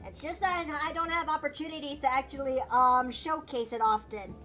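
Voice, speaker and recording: A woman's voice: high voice, a little fast, pushed and bright, soft background music. A woman streaming while she draws, chatting casually, giggling and rambling with many restarts. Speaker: streamer and artist.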